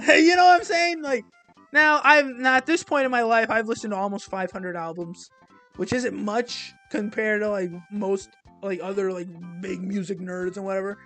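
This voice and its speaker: A young man talking casually as he ranks albums, rambling and self-deprecating, with many halting restarts. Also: high voice, steady tone, sharp tone, soft background music. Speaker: music reviewer. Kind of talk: casual album ranking monologue.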